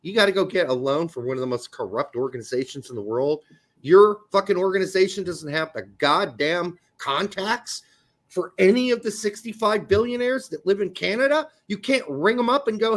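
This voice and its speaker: A man's voice: sits high, lively intonation, moderate pace. A man co-hosting a casual soccer podcast, ranting with plenty of profanity. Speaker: podcast co-host. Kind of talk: casual sports chat.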